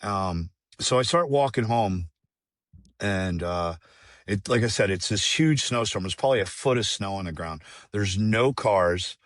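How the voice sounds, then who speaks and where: A man's voice: lowish voice, animated, a little slow, no echo, clean studio sound. A middle-aged man telling a candid personal story, rambling and profane, with frequent restarts. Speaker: guest singer.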